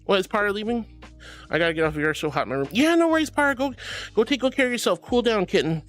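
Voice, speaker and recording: A woman's voice: medium pitch, lively intonation, rapid-fire, soft background music. A woman streaming and reading her chat, bubbly and giggly, calling her viewers sweetie and darling. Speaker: VTuber streamer. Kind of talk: livestream chat.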